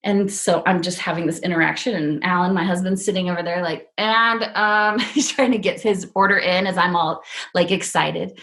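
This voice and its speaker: Lively storytelling woman host. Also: on the low side, brisk. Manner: lively, acts out quoted voices. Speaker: podcast host. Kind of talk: casual storytelling.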